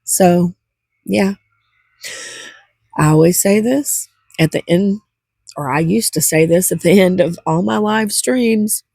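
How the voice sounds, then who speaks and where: Gravelly, husky older woman vlogging. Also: fairly low pitch, slow pace, pauses often, mellow, no room sound. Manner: rambling, chatty, gets teary. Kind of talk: casual chat to camera.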